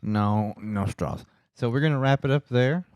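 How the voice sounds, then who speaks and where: A man's voice: mid-range voice, moderate pace, darkish tone, clean tone, no echo. A young man co-hosting a podcast, tossing in crude jokes and profane asides. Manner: wisecracking, profane banter. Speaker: podcast co-host. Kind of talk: casual chat.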